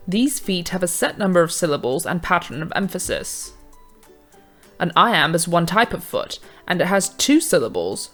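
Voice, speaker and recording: Calm woman narrating a revision lesson. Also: fairly low pitch. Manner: measured, clear teaching delivery. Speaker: revision tutor. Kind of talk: scripted educational narration.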